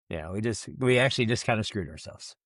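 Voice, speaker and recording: Guy cohosting a podcast, lively up-and-down voice, keeps restarting sentences, dry close sound. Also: fairly low pitch, moderate pace, no room sound. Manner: animated, rambling with many restarts. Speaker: co-host. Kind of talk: casual podcast chat.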